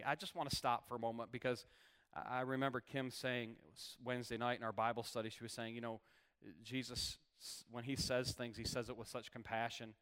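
A man's voice: mid-range voice, little pitch movement, a little fast, fairly bright tone, clean tone. A man preaching a sermon as pastor, reading scripture aloud and stressing key words with repetition. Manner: reads scripture, then preaches with rising intensity and repetition.

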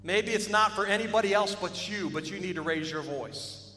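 A pastor preaching with a high, bright, forceful voice. He swells into shouts and asks the congregation to join in. His voice rings through a long-echoing church hall over faint music. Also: normal speed. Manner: preaching with rising shouts and call-and-response. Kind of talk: sermon. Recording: echoey hall with music behind.

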